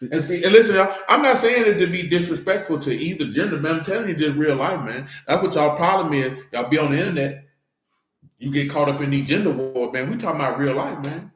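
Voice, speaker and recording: A man's voice: a little high, expressive, fast talker, roomy sound. A man, preaching informally and emphatically, talking straight to the congregation. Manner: emphatic, conversational, addresses congregation directly. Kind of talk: informal church teaching. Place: church.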